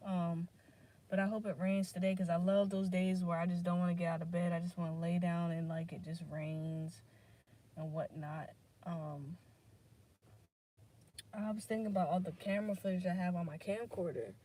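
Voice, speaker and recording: A woman with a fairly low, mellow voice speaks at a moderate, steady pace. She's hosting a casual solo podcast, drifting from topic to topic with lots of fillers and swearing freely as she thinks out loud.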